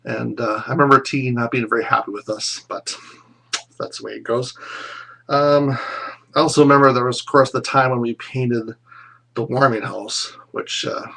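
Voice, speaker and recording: A man's voice: mid-range voice, steady tone, vocal fry, a bit bright. Man in his thirties, rambling fondly. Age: 30s. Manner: rambling, fond reminiscing with many pauses. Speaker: former classmate sending a reunion message. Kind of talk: casual recorded video message.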